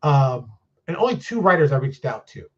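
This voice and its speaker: A mid-range male voice at normal speed, heard through dull audio, belongs to a game designer and publisher guesting on a live-streamed interview. He recounts stories loosely, pokes fun at himself, and performs the conversations he quotes.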